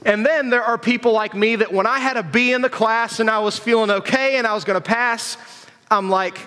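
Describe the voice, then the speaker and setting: A man's voice: high-pitched, steady tone, a little fast, bright, forceful tone. A man giving a casual, conversational sermon to young people, repeating himself and asking rhetorical questions. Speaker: preacher. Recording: long hall reverb.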